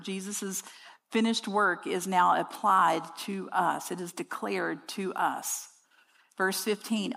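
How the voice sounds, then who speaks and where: A woman's voice: medium pitch, creaky, long reverb tail. A woman teaching a Bible study to women, emphatic and conversational, repeating words for stress. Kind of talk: teaching sermon.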